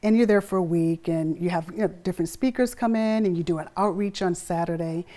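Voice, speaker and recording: A middle-aged woman with a fairly low voice tells a story in a relaxed interview. She acts out what people said, jumping up and down in pitch and laughing between lines. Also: a little fast. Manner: animated, acts out quotes with pitch swings and laughter. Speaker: guest.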